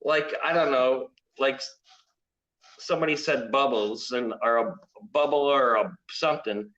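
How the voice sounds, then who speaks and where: A man joking deadpan as co-host on a casual live stream, swearing at times. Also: mid-range voice, unhurried. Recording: dull lo-fi stream audio.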